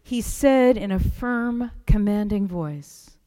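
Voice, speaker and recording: Slow, mellow-voiced woman preacher. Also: medium pitch, long reverb tail. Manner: soft, hushed storytelling, drops to a whisper. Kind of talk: sermon with read-aloud story.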